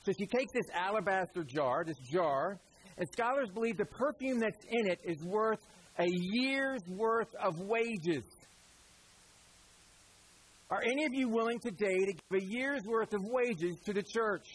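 A preacher with a high, husky voice delivers a relaxed, conversational sermon. He talks straight to the congregation and tosses in quick asides. He slips into little acted voices when he quotes people. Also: rough recording. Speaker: pastor.

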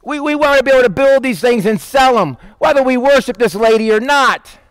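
A man preaching a sermon, telling a Bible story and acting out the quoted voices in a lively, casual way. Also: very high voice, brisk, smooth, no room sound. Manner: animated, acts out quoted voices. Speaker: pastor.

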